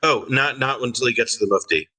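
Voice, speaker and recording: Male guest, lower voice with a bright edge, halting delivery, set back from the mic. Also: breathy edge, distant mic, low-quality recording. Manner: hesitant, full of fillers. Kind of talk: conversational commentary.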